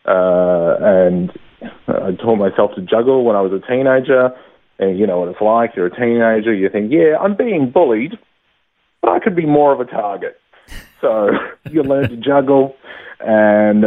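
A man, a stand-up comedian, chatting casually in an interview, self-deprecating and laughing often. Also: on the low side. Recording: tinny phone-line sound.

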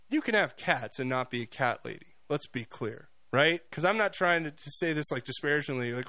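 A man's voice: on the high side, fairly bright tone, smooth, no room sound. A male radio talk show host giving a mocking, opinionated monologue with many restarts and repeated words. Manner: fast, mocking, repeats himself.

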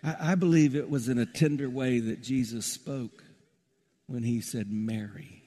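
A middle-aged male pastor preaching a sermon, soaring high and loud, then dropping to hushed, tender lows. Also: moderate pace. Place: church sanctuary. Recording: reverberant church hall.

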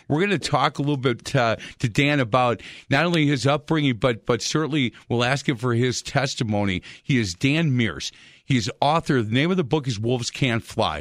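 A man's voice: mid-range voice, fairly bright tone, dry recording. A man hosting a sports radio show in a studio, telling stories in a chatty way and laughing at his own tales. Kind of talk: casual radio talk. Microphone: studio microphone.

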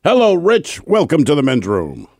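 A man hosting a radio show, casual and joking with quick asides. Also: on the high side, huge pitch swings, darkish tone, no room sound, studio quality.

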